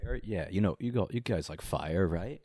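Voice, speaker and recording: A man's voice: sits low, animated, moderate pace, warm tone. A man joking sarcastically on a podcast. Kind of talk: casual chat.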